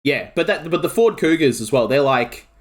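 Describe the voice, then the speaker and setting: An Australian man streaming a game and chatting casually, rambling excitably with lots of filler words. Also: on the high side, normal speed. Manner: rambling, excitable, heavy use of "like". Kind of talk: casual chat while streaming.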